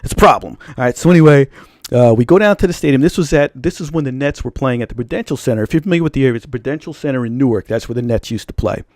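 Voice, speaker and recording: A man's voice: medium pitch, racing, darkish tone, dry recording. A young man hosting a casual storytime vlog, rambling and slangy as he tells his story. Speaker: storytelling channel host.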